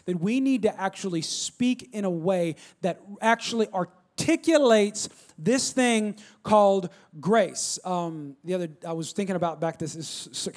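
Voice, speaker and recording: A man preaching a sermon, swinging from loud emphatic bursts to quiet low asides. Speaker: pastor.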